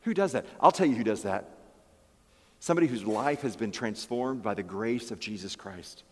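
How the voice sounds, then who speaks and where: A man's voice: lowish voice, normal speed, husky, big-room sound. A man preaching a sermon as pastor, emphatic and fond of repeating key phrases. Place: church.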